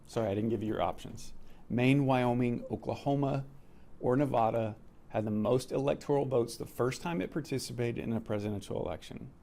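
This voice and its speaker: Mellow-voiced man hosting a quiz. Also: mid-range voice, creaky. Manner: reads questions slowly and repeats them. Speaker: quiz host. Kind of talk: casual quiz show chat.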